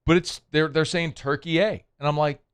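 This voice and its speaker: A man's voice: a little high, fairly even intonation, moderate pace, smooth. A man hosting a sports radio show, chatting casually in a rambling, playful, self-deprecating way. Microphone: studio microphone.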